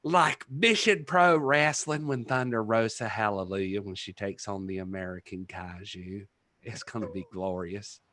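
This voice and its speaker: A man voicing a fiery Southern Baptist preacher who preaches loudly and calls out for amens. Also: moderate pace. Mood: preaching. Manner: booming revival preaching, calling for amens.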